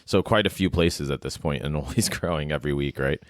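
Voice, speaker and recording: Deep-voiced man, rambling podcast chat. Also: fairly quick, dry recording, clean studio sound. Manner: rambling, hesitant, frequent fillers and restarts. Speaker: podcast co-host.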